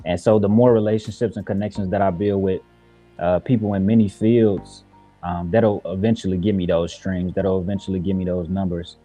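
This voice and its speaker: Chicago guy being interviewed, low mellow voice, earnest, lots of ums. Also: level tone, fairly quick, soft background music. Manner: earnest, reflective, many fillers. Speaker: guest rapper. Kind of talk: casual interview talk.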